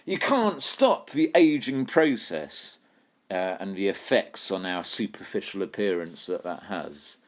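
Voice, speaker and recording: A man's voice: low-pitched, sing-song, measured pace, fairly bright tone. A man teaching a poetry lesson, thinking aloud and putting questions to his students. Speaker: English literature teacher.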